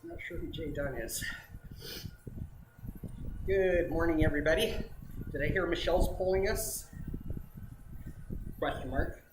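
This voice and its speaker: Slow-talking man narrating an indoor bike ride. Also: a little high, reverberant, noisy background. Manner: chatty, thinking aloud between breaths. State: exerting while riding. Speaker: cycling vlogger. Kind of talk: casual commentary while riding an indoor bike.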